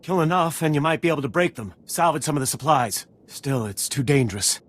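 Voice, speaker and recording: A man's voice: on the high side, expressive, brisk. A man voicing a nervous, pessimistic settlement defender in a game cutscene.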